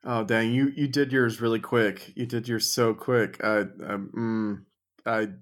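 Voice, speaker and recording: A man's voice: lowish voice, fairly even intonation, slow, a bit bright. A man co-hosting a podcast in casual chat, rambling and self-deprecating. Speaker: podcast co-host.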